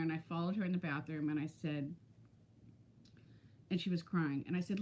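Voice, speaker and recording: A woman's voice: lowish voice, moderate pace, pauses often, darkish tone. A woman in her fifties chatting casually on a live stream, telling stories and greeting viewers by name. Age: 50s. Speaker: weight-loss vlogger.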